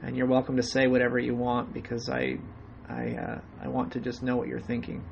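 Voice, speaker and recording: Flat, deadpan man on a muffled call. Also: mid-range voice, brisk, gravelly. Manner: flat, deadpan, plain-spoken. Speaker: interviewer, former Mormon. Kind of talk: conversation over a call. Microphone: phone or video call. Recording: dull lo-fi call audio with faint noise.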